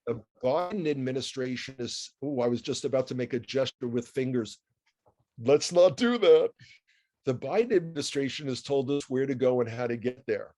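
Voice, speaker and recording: A man's voice: medium pitch, brisk, hardly any pauses, mellow. A man with a New York accent giving a chatty news commentary, wry and full of asides and rhetorical questions.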